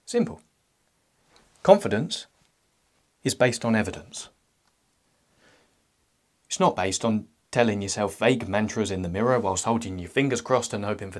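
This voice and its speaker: A man's voice: lowish voice, darkish tone, slightly rough. A young man talking to his own channel's viewers in a scripted self-help monologue, joking as he goes. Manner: playful, jokey asides.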